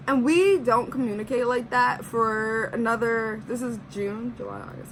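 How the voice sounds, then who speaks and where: A young woman with a slightly high, bright, forceful voice chats casually as she tells a personal story. She fills her sentences with "like" and slips into the voices of the people in it. A faint hum of room noise sits underneath. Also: normal speed, few pauses, low-quality recording. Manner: chatty, heavy use of "like", acts out quotes. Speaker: vlogger.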